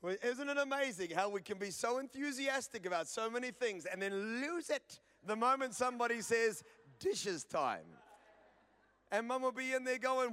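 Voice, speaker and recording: A man preaching a sermon to a church congregation in an impassioned style, building to loud calls to the crowd. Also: extremely high pitch, expressive, moderate pace, clear, resonant tone. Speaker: pastor. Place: church service before a congregation.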